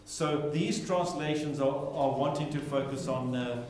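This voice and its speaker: A man's voice: on the high side, fairly even intonation, unhurried, darkish tone, a little hiss or hum. A man teaching a Bible class in a chatty way, with playful asides and mock voices. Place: chapel classroom. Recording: echoey room from a distant mic.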